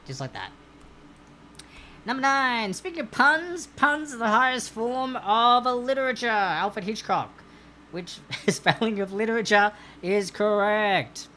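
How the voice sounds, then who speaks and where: A woman's voice: mid-range voice, lively intonation, moderate pace, sharp tone, slight background noise. A woman hosting a live-streamed trivia quiz, chatty and playful, laughing often and reading questions to players.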